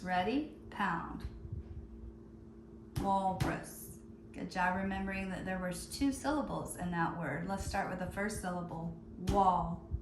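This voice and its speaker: A woman teacher leading a phonics lesson for young children, calling out words slowly and stretching out the sounds. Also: on the low side, roomy sound, noisy background. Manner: slow, drawn-out word calling.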